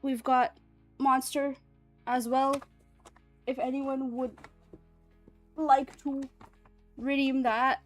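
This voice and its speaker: A woman's voice: high voice, flat delivery, drawn-out words, long pauses, soft background music. A woman streamer in casual livestream chat, rambling and chatty and swearing freely.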